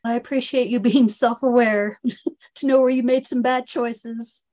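A woman's voice: on the high side, fairly even intonation, unhurried, darkish tone, lo-fi sound. A woman co-hosting a podcast in a casual chat, teasing in a dry, matter-of-fact way. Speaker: podcast co-host.

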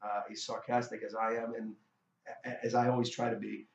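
A middle-aged man, a guest musician in a casual interview, tells a story in an animated way, full of restarts and stammers. His voice is fairly low, creaky and fairly quick. The recording sounds roomy, dull and lo-fi.

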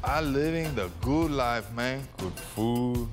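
A man's voice: medium pitch, animated, slow, over music. A man playing a swaggering male wrestler with a slick gangster persona, drawling boastfully in a put-on Cuban accent. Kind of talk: wrestling promo.

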